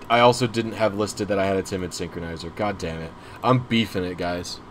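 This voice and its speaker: Young male streamer, lowish voice, rambling, self-mocking, loose casual chat. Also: fairly even intonation, a little fast, faint music behind.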